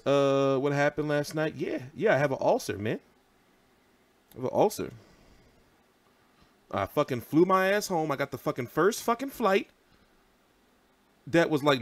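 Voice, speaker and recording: A man in his thirties rambles through a casual livestream, loose and profane as he answers viewer comments. His voice sits a little high for a man and swings widely up and down. The sound is close and dry, with no room around it. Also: no echo. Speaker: boxing channel livestream host.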